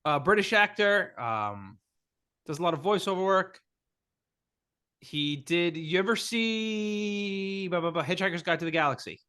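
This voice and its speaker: High, lively man joking on a podcast. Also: measured pace, pauses often, clear, resonant tone. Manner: snarky, profane joking. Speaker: podcast co-host. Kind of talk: casual chat.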